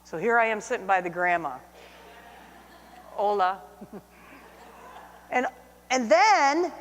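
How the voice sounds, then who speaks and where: Woman telling a funny story in an echoey hall. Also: on the high side. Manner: lively, self-mocking, acts out her own reactions. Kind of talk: personal anecdote told to camera. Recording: long hall reverb.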